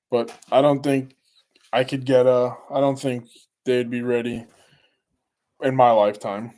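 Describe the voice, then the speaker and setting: A man's voice: mid-range voice, flat delivery, unhurried, pauses often, warm tone. A middle-aged man hosting a casual live stream, rambling through stories and chatting with viewers. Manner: rambling, laughs while telling stories. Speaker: livestream host.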